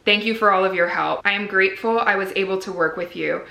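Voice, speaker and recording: A woman's voice: medium pitch, quick pace, gravelly, pushed and bright. Chatty young woman in an echoey room. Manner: chatty, frequent "like" fillers, candid and earnest. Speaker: medical resident vlogger. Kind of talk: casual vlog talk to camera.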